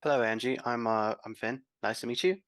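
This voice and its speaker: A man playing in a tabletop game, reacting in an excitable way. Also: mid-range voice, fairly quick. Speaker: player. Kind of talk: tabletop role-play.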